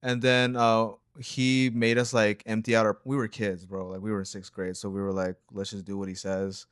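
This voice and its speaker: A man's voice: fairly low pitch, flat delivery, moderate pace, a bit bright, clear, resonant tone, dry recording, studio quality. A young man co-hosting a reaction channel, telling a story in a laid-back, rambling way full of slang and fillers. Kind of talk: casual storytelling chat.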